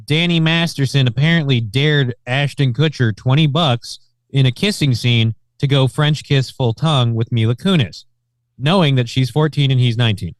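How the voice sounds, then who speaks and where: A man's voice: mid-range voice, normal speed, no room sound, clean studio sound. A man co-hosting a comedy show, telling a story with wry disbelief. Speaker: co-host. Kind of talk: comedic commentary.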